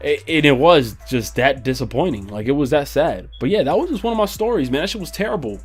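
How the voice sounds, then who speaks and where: A man's voice: a little high, fast talker, breathy edge, soft background music. Slangy New man telling a story. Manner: slangy, profane, animated storytelling. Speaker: vlogger. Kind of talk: storytime vlog.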